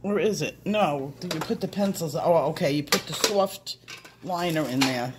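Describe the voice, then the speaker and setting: A middle-aged woman hosting an unboxing vlog, gushing breathlessly and shaky with excitement, from a room at home. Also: sits low, moderate pace, background noise. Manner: breathless, gushing, repeated exclamations. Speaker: coloring channel host.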